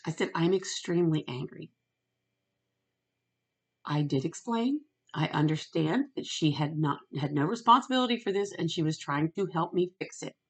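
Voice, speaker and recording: A middle-aged woman ranting in a storytime vlog, retelling a phone call and quoting both sides with lively emphasis. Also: deep voice, brisk, few pauses, slightly rough. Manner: animated, retells phone calls with quoted voices. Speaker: vlogger.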